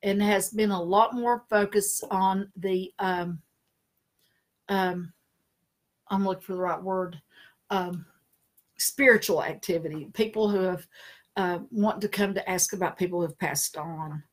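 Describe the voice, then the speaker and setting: A woman's voice: medium pitch, a little slow, long pauses. A middle-aged woman, a spiritual consultant chatting casually, laughing often and slipping into funny voices. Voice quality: chatty storyteller, laughs often, animated impressions. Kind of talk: casual chat on a live stream.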